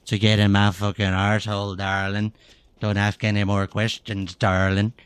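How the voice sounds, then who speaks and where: Lewd flirt with a put-on Irish brogue, low and pushy, as a man does it. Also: level tone, normal speed, clean tone, no echo, lightly acted. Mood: leering.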